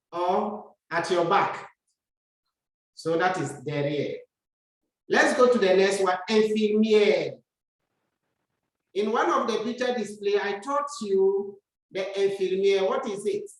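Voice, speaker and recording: Slow-talking woman teacher in an echoey room. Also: medium pitch. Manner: slow and patient, repeats words for practice. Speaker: French teacher. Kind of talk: classroom lesson. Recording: very echoey room, far from mic.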